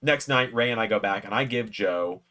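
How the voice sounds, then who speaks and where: A man chatting casually to camera, telling a personal story in an excitable way with plenty of fillers. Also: lowish voice, normal speed. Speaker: YouTube creator.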